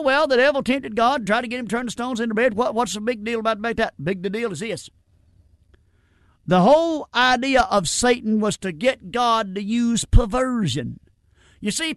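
A man's voice: high-pitched, no room sound, clean studio sound. A middle-aged man preaching a sermon in a plain, folksy way, stumbling over repeated words and dropping in frequent amens. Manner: plain-spoken folksy preaching, frequent stammered restarts and "amen".

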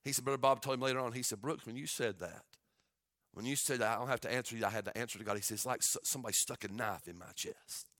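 A male pastor preaching a sermon, moving between quiet storytelling and loud, shouted exhortation. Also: medium pitch, fast talker, dry recording, studio quality.

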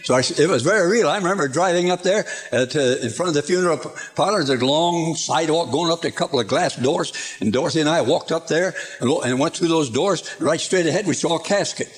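Older male preacher, folksy storyteller, slightly high voice, archive sermon recording. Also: fast, few pauses. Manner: folksy storytelling, chuckles through anecdotes.

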